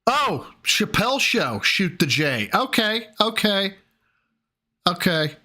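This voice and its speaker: A man's voice: sits high, big pitch swings, takes it slowly, bright, forceful tone. A man commenting on a video, sarcastic and teasing, swearing as he mocks what he hears. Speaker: reaction commentator. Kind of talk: mocking commentary.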